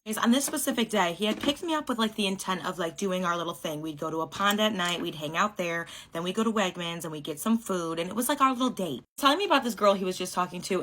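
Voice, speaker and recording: Young woman, storytime vlogger, fast casual delivery, blunt, swears a lot. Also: mid-range voice, fairly bright tone. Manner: blunt, swears, lots of fillers.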